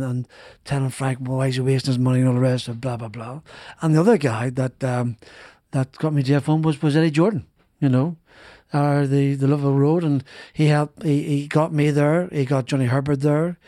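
A man's voice: a little high, fairly even intonation, normal speed, warm tone, no echo. British man, middle-aged ex-racer telling stories on a podcast; rambling, restarts, acts out quotes; dry close mic. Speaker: former racing driver guest. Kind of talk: podcast interview, anecdotal storytelling.

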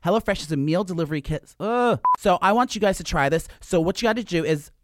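A man hosting a podcast in casual chat, talking fast and animated, swearing and giggling. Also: high-pitched, no room sound. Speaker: podcast host. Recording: dry close mic with faint music.

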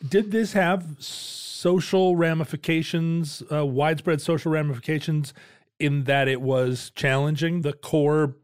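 A man hosting a podcast, asking questions and summing up points in relaxed chat. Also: on the high side, measured pace, smooth, no room sound, studio quality. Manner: asks leading questions and sums up the guest's points. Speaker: podcast host. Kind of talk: casual conversational podcast chat.

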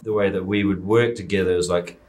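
Deep-voiced rambling New Zealand man. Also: steady tone, fairly quick, a little mellow. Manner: rambling, loose, full of "you know" and "like". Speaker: film director guest. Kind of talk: casual interview chat.

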